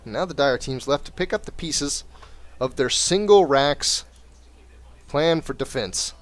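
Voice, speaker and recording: A man's voice: on the high side, expressive, measured pace. Chatty man casting a game replay. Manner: wry, chatty play-by-play with jokes. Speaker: game caster. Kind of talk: casual game commentary.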